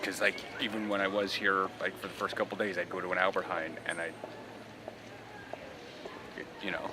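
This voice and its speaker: Low-pitched with little pitch movement, a vlogger speaks at a normal speed with long pauses as he walks a city street and shops, filming himself handheld without a tripod. He chats casually through rambling stories over a noisy background.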